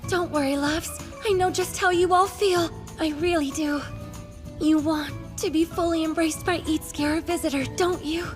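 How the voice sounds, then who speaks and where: A woman dubbing an excitable, weapon-obsessed young anime heroine with gushing, breathless enthusiasm. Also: high-pitched, fairly quick, few pauses, lightly acted. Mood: tender. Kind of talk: anime English dub. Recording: with background music.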